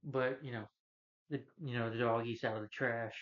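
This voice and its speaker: A man's voice: mid-range voice, level tone, moderate pace. Young male reviewer, chatty and rambling, mid-range voice, somewhat muffled lo-fi recording. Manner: rambling, heavy on "you know" fillers, acts out quotes. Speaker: movie reviewer. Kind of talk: casual movie recap. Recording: slightly dull lo-fi recording.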